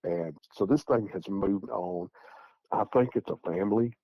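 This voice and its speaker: A man's voice: low voice, unhurried, dry recording, highs cut off. A man telling a story in casual, rambling fashion, often repeating words as he goes. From Tennessee. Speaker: eyewitness guest.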